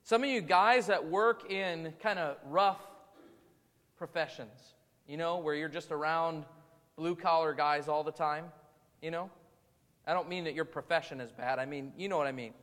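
Male pastor with a high voice, preaching conversationally, with lingering reverb from a large room. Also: moderate pace, a bit bright. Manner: conversational preaching with rhetorical questions. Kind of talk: sermon. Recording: long reverb of a large hall.

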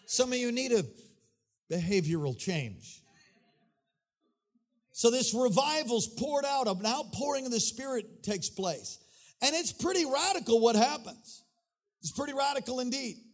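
A man's voice: extremely high pitch, animated, a little slow, long pauses. A man preaching a sermon to his congregation in a church, with a fervent, sing-song cadence and repeated phrases. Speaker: pastor. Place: church sanctuary. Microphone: handheld or stage mic.

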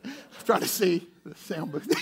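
A high-pitched male pastor tells a funny personal story from the pulpit of a church auditorium. He stumbles through restarts and drops playful asides to the congregation. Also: creaky, slightly rough. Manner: humorous, animated storytelling with many restarts. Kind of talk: storytelling sermon. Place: church auditorium with sound booth.

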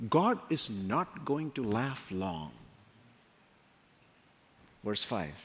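A man's voice: fairly low pitch, big pitch swings, a little hiss or hum. Emphatic male preacher in a reverberant hall. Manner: emphatic, slows to stress quoted scripture. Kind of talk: expository sermon.

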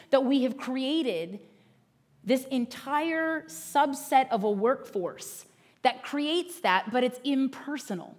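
A woman pastor giving a sermon in an earnest, conversational way. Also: a little high.

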